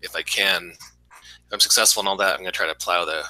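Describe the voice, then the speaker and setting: A man's voice: low voice, steady tone, fast talker, pushed and bright, rough recording. A man playing a tabletop game who plans his moves aloud step by step, with hesitant fillers. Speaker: player.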